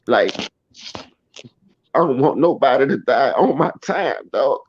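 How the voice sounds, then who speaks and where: A man telling a personal story in a blunt, profane, animated way. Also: mid-range voice, measured pace, slightly rough, dry recording. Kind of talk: casual first-person storytelling. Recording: dry, slightly dull recording.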